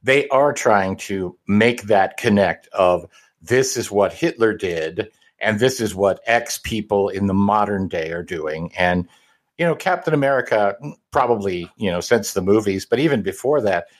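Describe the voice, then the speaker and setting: A man co-hosting a casual comic review chat, measured and analytical. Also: on the low side, animated. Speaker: podcast co-host.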